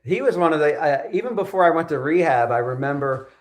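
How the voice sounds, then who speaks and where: A man's voice: on the high side, lively intonation, fast talker. A man hosting a show, chatting casually in crude, rambling banter and laughing often. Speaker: show host. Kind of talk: casual podcast chat.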